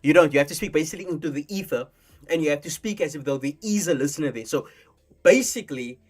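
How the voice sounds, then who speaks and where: A young man from Africa, hosting a casual live stream in a rambling, animated way with many restarts. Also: a little high, fast talker, husky. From South Africa. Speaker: streamer host. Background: faint lo-fi music.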